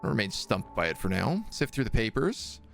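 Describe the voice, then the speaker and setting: A man streaming a game, reading its story text aloud in a measured way and chatting softly to his cat between passages. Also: lowish voice, very animated, creaky, soft background music.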